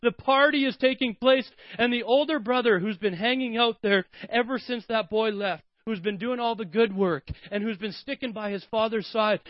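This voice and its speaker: A young man preaches in a high voice, talking to his congregation like he's chatting with friends and acting out little scenes along the way. The recording is dry, with a slightly dull, muffled tone. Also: dry recording. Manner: animated, conversational, acts out scenes with voices. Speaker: pastor. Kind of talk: sermon.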